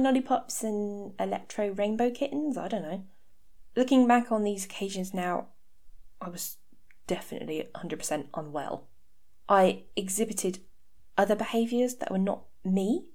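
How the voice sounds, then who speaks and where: A woman in her thirties hosting a podcast, talking frankly about her own life with dry, sarcastic asides. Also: medium pitch. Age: 30s. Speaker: podcast host. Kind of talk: candid personal podcast talk. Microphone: home podcast mic.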